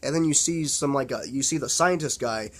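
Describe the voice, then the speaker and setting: A man's voice: mid-range voice, brisk. Man, mid-range voice, unscripted vlog chat: rambling, filler-heavy, profane, eager. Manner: rambling, full of fillers and restarts; blunt and profane. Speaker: horror film vlogger. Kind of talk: casual unscripted film talk.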